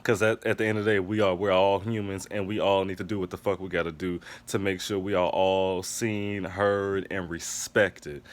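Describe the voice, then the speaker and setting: Male vlogger recapping a TV episode, lowish voice, loud and profane, rants with emphasis. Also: level tone, moderate pace, hardly any pauses. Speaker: TV episode reviewer. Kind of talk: casual recap and review monologue.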